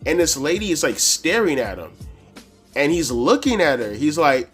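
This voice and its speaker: A man telling a casual, profane story to camera as a wrestling reviewer, animated and full of slang. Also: fairly high pitch, moderate pace, soft background music.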